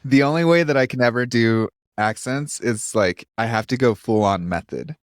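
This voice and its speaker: A man co-hosting a podcast in casual chat, relaxed and hesitant, often pausing with fillers. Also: mid-range voice, no room sound, studio quality. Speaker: podcast co-host.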